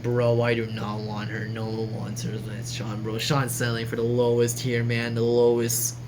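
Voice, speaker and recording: A woman's voice: a bass voice, completely flat delivery, moderate pace, background noise. A woman casually reading out and joking about lines from a class quote journal, chatty, rambling and swearing now and then. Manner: chatty, jokey, swears casually, trails off mid-sentence.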